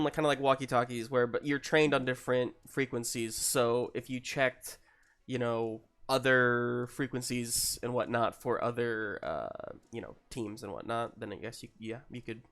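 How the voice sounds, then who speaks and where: A man narrating and running a tabletop role-playing game, talking in a loose, hesitant way with many pauses and restarts. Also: medium pitch, a bit bright. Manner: hesitant, full of ums and restarts. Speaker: game master.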